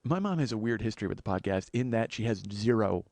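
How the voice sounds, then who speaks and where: A man's voice: fairly low pitch, animated, quick pace, darkish tone, no room sound. Wry rambling man telling a story. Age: 40s. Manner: wry, rambling, self-mocking. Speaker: podcast host and comedian. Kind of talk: comic storytelling monologue.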